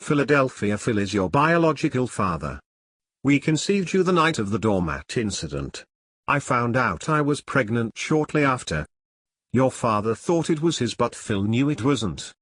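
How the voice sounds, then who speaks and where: A man's voice: medium pitch, big pitch swings, moderate pace, a bit bright, no room sound, studio quality. A man voicing a middle-aged cat lady, a gangster's mother, confessing in a pleading way.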